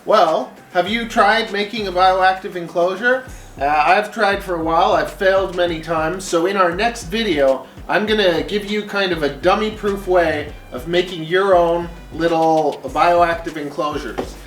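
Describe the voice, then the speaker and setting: A man's voice: high voice, unhurried, a bit bright, soft background music. A man hosting his reptile-breeding channel, explaining things in a friendly, chatty, practical way. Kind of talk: casual vlog explanation.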